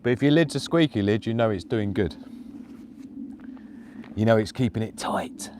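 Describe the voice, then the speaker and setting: A man's voice: fairly low pitch, normal speed, noisy background. A man live-streaming casual chat outdoors in the woods at night, laughing often and cooing at his dog. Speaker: prepper vlogger.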